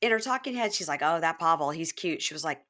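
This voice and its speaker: A woman's voice: low-pitched, lively intonation, quick pace, sharp tone. A middle-aged woman hosting a podcast, chatting casually and laughing often as she recaps a show. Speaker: podcast host.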